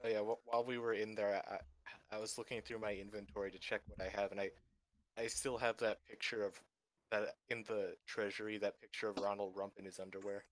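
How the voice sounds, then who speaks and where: A man's voice: lowish voice, level tone, a little fast, low-quality recording. A young man playing a tabletop game, joking around and restarting his words. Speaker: player. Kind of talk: casual tabletop role-play.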